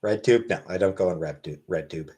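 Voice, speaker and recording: A man hosting a casual livestream Q&A, reading chat questions aloud and answering in a wry, deadpan way. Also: low voice, a little fast, slightly rough. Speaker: livestream host.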